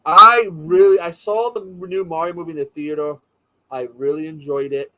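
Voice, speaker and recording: A man hosts a casual chat and rambles with enthusiasm, often restarting mid-sentence. His voice sits fairly high for a man. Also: steady tone, normal speed, bright, forceful tone, poor audio.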